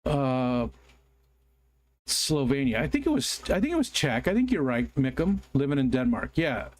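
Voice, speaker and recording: A man from the United States hosts a casual livestream in a mid-range voice with big pitch swings at a normal speed. He chats and reads viewer comments aloud, rambling and apologetic, with frequent ums and restarts.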